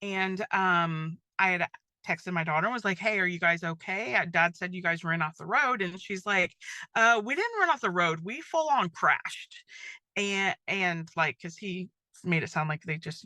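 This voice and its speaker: A middle-aged woman hosts a faith podcast in a chatty, rambling way, full of "um" and "like." Her voice is bright and forward, recorded close and dry with no room sound. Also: fairly low pitch, no room sound. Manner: chatty, many fillers like "um" and "like". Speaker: podcast host. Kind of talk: casual faith-based podcast monologue.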